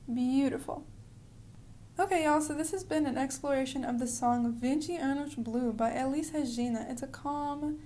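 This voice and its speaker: A woman giving a pronunciation lesson in a friendly, explanatory way, slowing down to model words. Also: high voice, mellow, a little hiss or hum. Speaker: language teacher.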